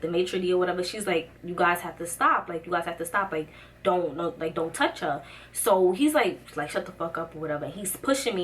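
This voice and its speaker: A young woman telling a dramatic storytime, acting out the quotes with lively, rising pitch. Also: far from the mic. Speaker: vlogger. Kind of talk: storytime vlog.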